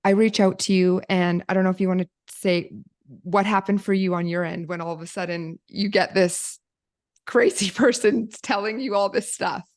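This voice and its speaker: A woman podcast host telling an emotional personal story to viewers, animated and quoting herself, with some swearing. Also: mid-range voice, normal speed.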